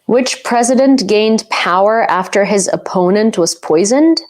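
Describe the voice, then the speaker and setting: A woman's voice: mid-range voice, measured pace, a little mellow. A young woman from Ukraine chatting casually on a live stream, reading viewer comments and laughing often.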